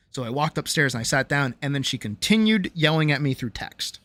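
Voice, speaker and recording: A young adult streamer chatting casually on a stream. They talk candidly and ramble, restart sentences often, and let the ends of sentences trail off quietly. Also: mid-range voice, lively intonation, fairly quick, hardly any pauses, no echo. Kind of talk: casual stream chat, reading chat messages.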